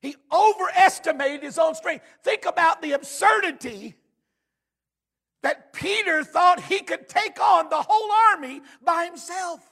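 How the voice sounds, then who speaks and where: A man preaching a sermon as pastor, swinging from shouted emphasis to hushed, low tones. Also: unhurried.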